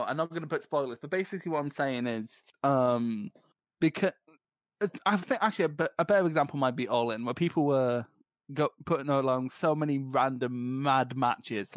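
A man's voice: medium pitch, dry recording. Sweary Scottish man ranting casually. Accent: Scottish, light. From Scotland. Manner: sweary, ranting, quick to laugh. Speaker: podcast co-host. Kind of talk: casual chat.

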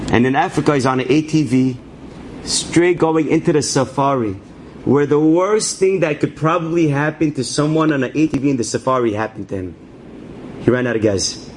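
A man preaching through a story, theatrical and prone to leaping into high excited shouts. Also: slight background noise. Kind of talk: animated storytelling sermon.

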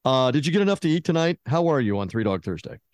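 A man's voice: medium pitch, big pitch swings, fast talker, darkish tone, dry recording. A man hosting a sports podcast, asking his guest rambling, jokey questions in a laid-back way. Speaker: podcast host. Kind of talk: casual podcast interview.

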